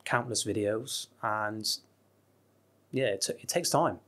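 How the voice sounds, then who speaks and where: A British man, a guest on a podcast, telling stories in a casual, animated way with many fillers and restarts. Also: lowish voice, slow pace. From United Kingdom. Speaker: guest, travel YouTuber.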